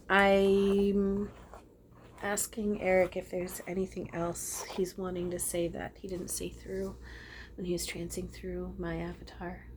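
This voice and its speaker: A woman's voice: lowish voice, a little hiss or hum. A woman channeler talking casually to her viewers, rambling and earnest with some casual swearing. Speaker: spiritual channeler. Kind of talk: casual spiritual talk to viewers.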